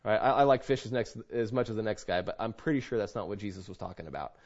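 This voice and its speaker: A middle-aged man preaching a sermon as pastor, telling stories with animated swings between loud and hushed delivery. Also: fairly low pitch, fast talker. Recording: dull lo-fi sound.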